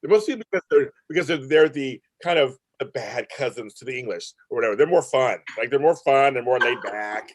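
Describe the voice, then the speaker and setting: Lively, expressive male interview host. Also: medium pitch, brisk, hardly any pauses, no room sound. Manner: enthusiastic, rambling, repeats himself. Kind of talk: casual interview chat. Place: Los Angeles.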